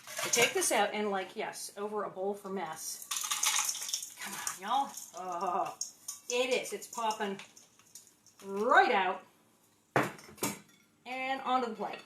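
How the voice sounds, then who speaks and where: A woman's voice: mid-range voice, takes it slowly, long pauses, heavy background noise. A woman hosting a casual home cooking demo in her kitchen, chatty and playful, exclaiming often. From Los Angeles. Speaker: cooking show host.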